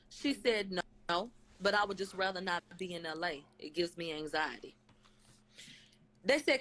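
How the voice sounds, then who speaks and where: A woman talking into her webcam on a live stream, recapping testimony in a loose, chatty way. She strings together "they said" and "she said" with fillers like "um", dropping in blunt side comments. Her voice sits at a middle pitch for a woman. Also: lively intonation, moderate pace, fairly bright tone, low-quality recording. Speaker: channel host recapping a court hearing. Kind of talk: casual live-stream retelling. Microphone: webcam or phone on a live stream.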